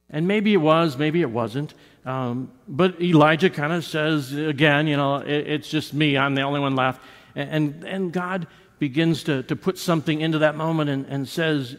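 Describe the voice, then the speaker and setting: A man from the United States preaches a sermon as a pastor, his voice fairly high and his intonation fairly even at a normal speed. He talks conversationally, restarting often and acting out quoted lines with rises and drops in his voice. The church sanctuary gives the recording a long reverb.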